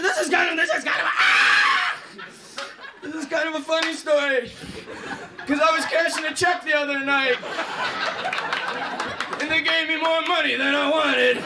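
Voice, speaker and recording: A man playing a nervous, awkward amateur comedian who stammers, restarts his sentences and tells flat jokes in a 1980s late-night TV comedy bit. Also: extremely high pitch. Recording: old TV studio tape with loud audience laughter and noise.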